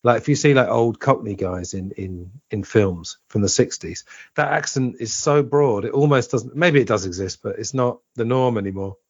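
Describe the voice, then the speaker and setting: Chatty man, low voice, dry sound. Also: slightly rough, dry recording. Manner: chatty, reminiscing, quick to laugh. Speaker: podcast host. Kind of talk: casual podcast conversation. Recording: dull, dry lo-fi audio.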